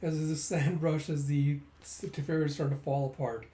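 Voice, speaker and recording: A man retelling a comic book in a loose, chatty way, with quick asides between scenes. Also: a little high, level tone, mellow. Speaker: manga reader and commentator. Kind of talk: casual read-through narration. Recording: roomy echo.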